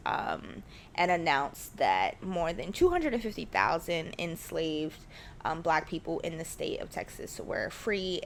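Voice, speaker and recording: A woman hosting her own podcast from her living room, chatting casually in a rambling, excitable way and often dropping to a whisper. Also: lowish voice, a little hiss or hum. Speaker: podcast host. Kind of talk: casual solo chat. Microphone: studio mic at home.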